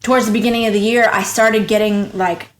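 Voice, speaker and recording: A woman at a medium pitch talks as a guest in a relaxed interview, frank and chatty. She tells her story in quick bursts and keeps slipping into animated quoted voices for her own past thoughts. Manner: frank and talkative, rapid bursts of speech. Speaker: podcast guest, small business owner.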